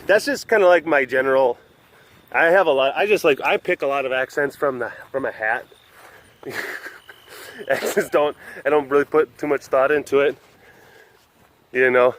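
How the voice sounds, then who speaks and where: A man's voice: medium pitch, normal speed, pauses often, fairly bright tone. A man hosting a casual webcast outdoors at an animal compound, rambling and joking with frequent laughs. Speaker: vlog host at a wild animal facility.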